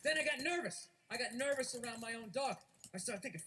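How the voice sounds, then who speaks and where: A man's voice: extremely high pitch, animated, fast, bright, forceful tone, slight background noise. A man doing stand-up comedy on stage, ranting and swearing in a conversational way.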